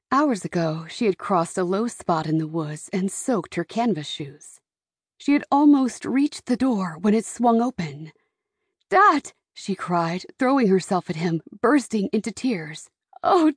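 A woman narrating an audiobook in a measured, expressive storytelling manner. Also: mid-range voice, slightly rough, dry recording, studio quality.

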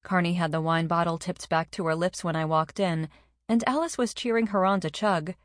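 A woman with a low voice reads a first-person audiobook in a measured, even way. The recording is close and dry, with no room sound. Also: dry recording.

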